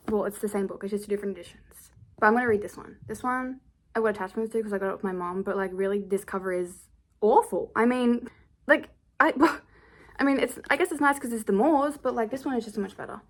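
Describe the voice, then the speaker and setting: A woman's voice: on the high side, fairly bright tone. A nineteen-year-old woman chatting casually to camera as a book vlogger, rambling with giggly asides.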